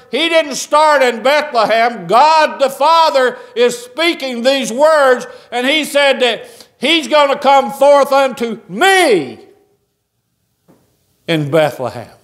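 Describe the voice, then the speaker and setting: A man's voice: very high voice, fairly bright tone. A man, preaching a fervent church sermon as pastor and asking the congregation rhetorical questions. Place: church sanctuary.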